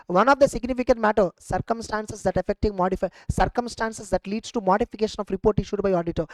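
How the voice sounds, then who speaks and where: A woman's voice: medium pitch, a little mellow, no echo, low-quality recording. A woman with an Indian English accent giving an online exam revision lecture, stressing and repeating key points and asking the class rhetorical questions. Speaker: exam coaching teacher.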